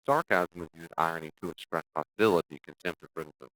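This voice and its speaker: A man's voice: deep voice, fast talker, fairly bright tone, dry recording, low-quality recording. A male pastor teaching a church class in a direct, conversational way, acting out quoted speech in exaggerated voices. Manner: direct, conversational, with frequent restarts.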